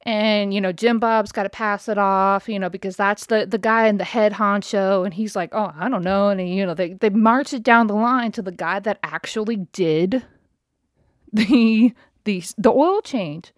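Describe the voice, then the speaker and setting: A woman's voice: mid-range voice, measured pace, no echo, clean studio sound. A woman telling a story about a bad day in a heated, exasperated way, swearing often as she rants. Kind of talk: casual angry storytime rant.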